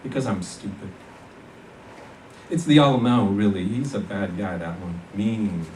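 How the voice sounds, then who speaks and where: A man reading fiction aloud, voicing a rough, self-mocking young soldier with a blunt, terse manner. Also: on the low side, normal speed, a little mellow, slight background noise, close to an everyday voice. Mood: bitter. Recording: echoey hall from far off.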